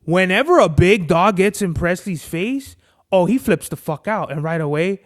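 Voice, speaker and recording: A man's voice: sits high, moderate pace. A man hosting a podcast, chatting casually and swearing often, telling stories animatedly and acting out the lines of the people in them. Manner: profane, animated storytelling with acted-out quotes. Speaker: podcast host. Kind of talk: casual chat.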